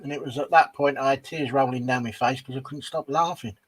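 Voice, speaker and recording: A man's voice: mid-range voice, fairly even intonation, a little fast, husky, low-quality recording. A man co-hosting a live stream, teasing his friend with chuckling banter. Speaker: co-host. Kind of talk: casual banter.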